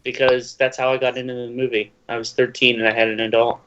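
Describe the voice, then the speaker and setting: A man in his twenties, excitable and swearing freely, chatting casually during a movie commentary. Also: mid-range voice, fast talker, clear, resonant tone, muffled recording. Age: 20s. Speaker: commentary guest.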